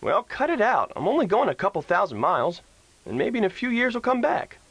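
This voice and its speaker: A man voicing a restless young ranch son in a western audiobook, curt and gruff. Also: high voice, sing-song, fairly quick, fairly bright tone, no echo, voice pushed up, full character voice. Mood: impatient.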